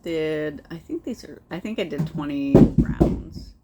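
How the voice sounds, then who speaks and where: A woman's voice: deep voice, lively intonation, unhurried, over loud music. A woman vlogging casually about her knitting, laughing often and talking sweetly to her dog. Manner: playful, laughing, baby-talk to her dog. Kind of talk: casual chat to camera.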